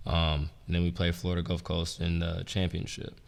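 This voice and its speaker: A young man, a former college basketball player and coach, telling stories in a relaxed, rambling way, full of "like" and "um". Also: low-pitched, normal speed, gravelly. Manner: relaxed, rambling, heavy use of "like" and "um". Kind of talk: casual storytelling interview. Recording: roomy with long reverb.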